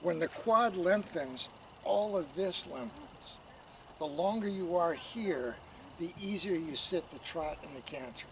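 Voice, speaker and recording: Male posture coach, calm step-by-step cues, somewhat high voice, heard from a distance over outdoor noise. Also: unhurried. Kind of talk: instructional coaching. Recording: distant mic, noisy outdoor background.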